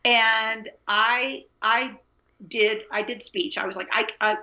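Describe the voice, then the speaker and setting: A woman guest being interviewed, telling a personal faith story in an animated, earnest way. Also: fairly high pitch, takes it slowly. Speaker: guest, Christian author and speaker. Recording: dull lo-fi sound.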